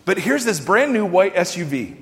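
A man preaching a sermon as pastor, emphatic and animated, firing rhetorical questions at the congregation. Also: high-pitched, moderate pace. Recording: long hall reverb.

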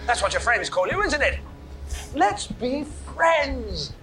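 British alien, smooth and creepy-friendly, voice jumps all over, music under it. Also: male voice, very high voice, sing-song, slow pace, bright, forceful tone, roomy sound, distant mic, exaggerated voice. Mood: mock-friendly. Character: alien possessing a man, speaks British.

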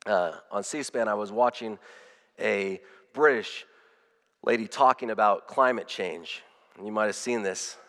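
A man's voice: on the low side, a little slow, a bit bright, in a large hall. A man preaching a sermon as pastor, earnest, often repeating words and restarting his phrases.

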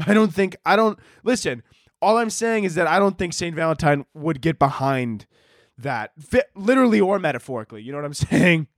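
A man's voice: on the high side, animated, brisk, no room sound. Sarcastic, rambling young man, close and dry. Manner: rambling, profane, sarcastic, laughs a lot. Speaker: podcast host. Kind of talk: comedic monologue.

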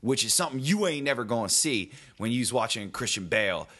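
A man with a medium-pitched, slightly rough voice co-hosts a podcast, grumbling about a movie he disliked. He's animated and a little fast, with a bright, forceful tone and loose, colloquial rambling.

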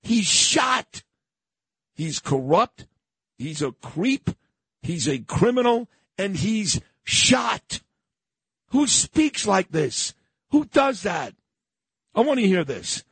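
A man's voice: sits high, big pitch swings, slow, breathy edge, no room sound. A middle-aged man hosting a morning radio talk show, opinionated and emphatic, often repeating himself for effect. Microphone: studio broadcast mic.

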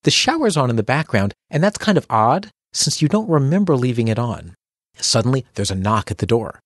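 Man, podcast host, lively swinging pitch, dry close sound, playful scripted delivery. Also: brisk, no echo. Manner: playful, dramatic asides.

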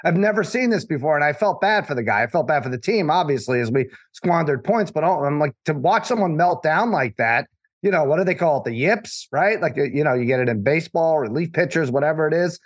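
A man's voice: on the high side, animated, fairly quick, breathy edge. A man hosting a casual sports talk show, rambling and often restarting his sentences. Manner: rambling, self-interrupting.

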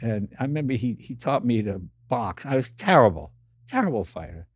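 An older man tells stories in an interview, acting out the voices of people he met. His pitch swoops up and down as he goes. The sound is dry and close. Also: brisk, breathy edge, no room sound. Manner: animated storyteller acting out voices. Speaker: guest. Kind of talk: storytelling interview.

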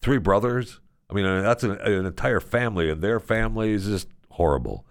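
A male radio host tells a story with wide swings in pitch, his gravelly voice still smooth and resonant. He jokes as he goes. The studio sound is close and dry. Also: brisk, dry recording. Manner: animated storytelling, joking. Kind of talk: casual chat.

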